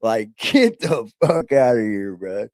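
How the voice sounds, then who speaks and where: A brash middle-aged man running a livestream, swinging his voice up and down as he mocks chat with a slow, drawn-out delivery. Fairly high-pitched and laughing often, in a dry, close-sounding room. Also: big pitch swings, darkish tone, dry recording. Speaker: livestream host reacting to videos. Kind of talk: casual profane livestream chat.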